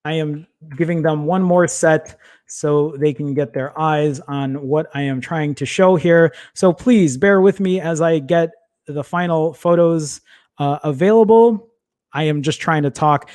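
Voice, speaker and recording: A man with an unhurried, slightly mellow voice on the high side hosts a casual tech livestream. He rambles, interrupts himself, and apologizes as he fumbles with photos and files, muttering and swearing under his breath.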